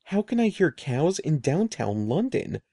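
A man voicing a curious, anxious young girl who speaks in a lively way. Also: a little high, measured pace, vocal fry, dry recording, studio quality, voice pushed up, full character voice. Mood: worried.

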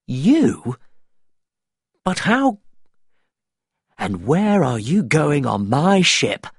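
A man's voice: fairly high pitch, sing-song, very slow, creaky, breathy edge, no echo, studio quality, pitched above the performer's own voice, exaggerated voice. A man reading aloud voices a stern naval officer who gives curt orders. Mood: alarmed.

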